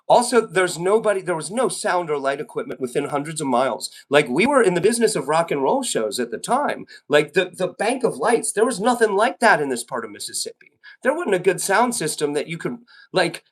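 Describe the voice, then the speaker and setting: A man live-streaming, telling a long rambling story to his chat, with lots of fillers and swearing. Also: fairly high pitch. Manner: rambling, profane, with many fillers and restarts.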